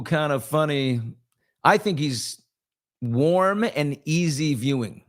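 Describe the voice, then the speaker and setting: A man's voice: fairly high pitch, animated, slow pace. A man hosting a casual morning chat show, gossiping about celebrities in a chatty, loose way. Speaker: host.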